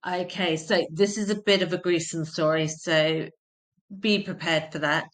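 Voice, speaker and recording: A woman's voice: lowish voice, steady tone, a little slow. A woman teaching a history lesson, explaining terms simply and repeating key points for emphasis.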